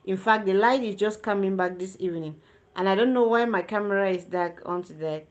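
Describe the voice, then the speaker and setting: A woman's voice: medium pitch, fairly quick, dull audio. A woman nurse hosting a casual livestream, reading viewer comments aloud and answering them with chatty repetition. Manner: chatty, repeats words for emphasis. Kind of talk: casual live-stream chat.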